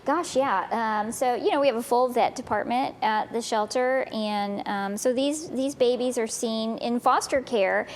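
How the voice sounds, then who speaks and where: A woman's voice: on the high side, a little slow, few pauses, slight background noise. A woman representing an animal shelter, chatting on a local TV news segment in an upbeat, rambling way with lots of "um" and "you know". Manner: chatty, upbeat, frequent ums and you-knows. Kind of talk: casual TV interview chat.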